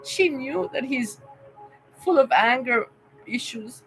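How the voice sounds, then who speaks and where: A woman's voice: high voice, lively intonation, slow pace, noisy background. A young woman chatting casually on a livestream, emotional and rambling as she talks to her viewers by name. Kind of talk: casual live-stream chat.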